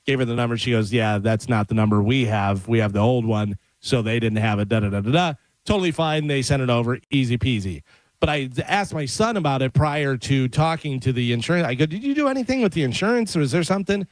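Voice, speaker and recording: Male radio co-host, mid-pitched, dry studio sound, animated storyteller who acts out voices. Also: brisk, no room sound, poor audio. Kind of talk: casual radio banter.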